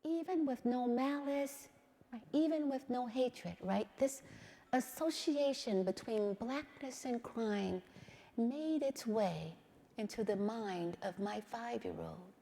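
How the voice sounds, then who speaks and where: A middle-aged woman giving a public talk, telling a personal story in a measured way and often checking in with "right?". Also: a little high, warm tone, in a large hall.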